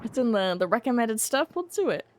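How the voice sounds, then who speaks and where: A woman's voice: fairly high pitch, sing-song, a little fast, slight background noise. A young woman streaming a video game from home, thinking aloud in a rambling, casual way and humming to herself. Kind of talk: casual live-stream chatter while playing.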